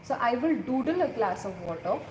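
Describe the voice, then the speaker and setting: A woman's voice: a little high, very animated, a little fast, noisy background. A woman with an Indian English accent teaching a casual step-by-step drawing lesson, often checking in with the viewer. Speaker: doodle art teacher.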